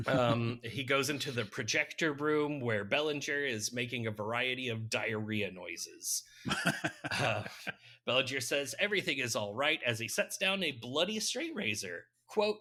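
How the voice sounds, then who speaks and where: A man's voice: mid-range voice, lively intonation, a little slow, sharp tone. A man co-hosting a podcast, casually recapping a film's plot with wry, laughing asides. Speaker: podcast co-host recapping a film. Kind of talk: casual chat.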